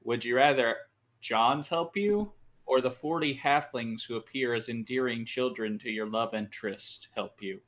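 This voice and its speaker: A man's voice: mid-range voice, normal speed, fairly bright tone. A man playing a tabletop game, narrating his character casually and playfully.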